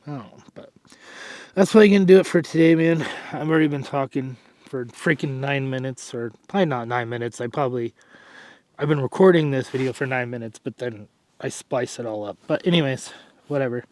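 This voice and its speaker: Casting: young male vlogger, winded, rambling, dry close sound, mid pitch. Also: brisk, a little mellow, no echo. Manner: rambling, self-correcting, sighs and clears throat. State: out of breath. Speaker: fitness vlogger. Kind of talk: casual vlog talk.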